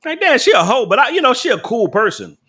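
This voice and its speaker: A man's voice: very high-pitched, big pitch swings, quick pace, pushed and bright, slightly rough. A young adult man, casually ranting on a live stream, blunt and profane, laughing often and talking back to his chat.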